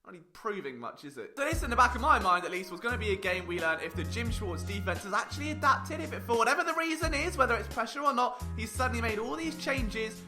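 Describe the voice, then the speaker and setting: A man's voice: extremely high pitch, very animated, over music. A man hosting a sports vlog, ranting in sarcastic, exasperated analysis and talking to camera. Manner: sarcastic, exasperated, fast restarts when worked up. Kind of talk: animated rant-style sports analysis. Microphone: on-camera mic.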